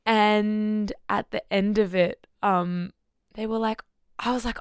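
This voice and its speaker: A woman's voice: medium pitch, moderate pace, clean tone, dry recording, studio quality. A woman co-hosting a faith podcast, telling a personal story in casual chat with frequent laughs. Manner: animated storytelling, laughs often. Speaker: podcast co-host.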